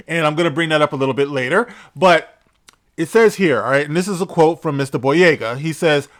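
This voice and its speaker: A man's voice: a little high, brisk. A man hosting an opinionated commentary video, reading from a news article and answering it in a sarcastic, emphatic way with blunt profanity. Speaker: commentary channel host.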